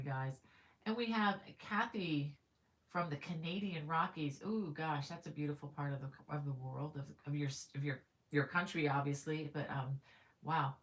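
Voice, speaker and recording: A middle-aged woman with a low-pitched voice hosts a casual live stream. She chats in an upbeat way and greets viewers one by one. She fills her talk with ums and stops to correct herself. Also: fairly bright tone. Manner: frequent ums and self-corrections. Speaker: crochet livestream host.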